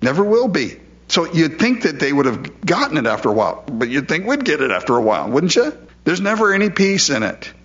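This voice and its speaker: A man's voice: fairly high pitch, big pitch swings, fairly quick, fairly bright tone, highs cut off. A man preaching a verse-by-verse sermon in a conversational way, often asking rhetorical questions. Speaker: pastor. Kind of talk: expository sermon.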